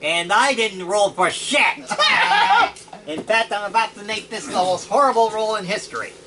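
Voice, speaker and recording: A man's voice: sits high, unhurried. A man running a tabletop game as game master, narrating dice rolls and combat with a laugh. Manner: laughing, animated storytelling. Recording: noisy home recording.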